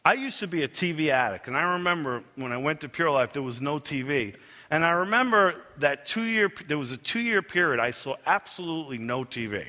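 A middle-aged man preaching with a bright, lively voice that rises and falls as he tells stories. He acts out the lines of the people in them. His voice rings through a large hall with a long reverb. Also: a little high. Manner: animated storytelling, acts out quotes. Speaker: pastor. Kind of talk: sermon with personal stories.

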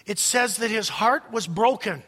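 Male pastor preaching big and dramatic, loud then hushed, long hall echo. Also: sits high, measured pace, husky. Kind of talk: sermon.

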